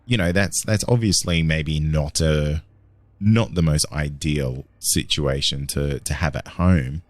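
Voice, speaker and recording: Deep-voiced joking male podcast host. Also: measured pace, no room sound. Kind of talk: casual interview chat.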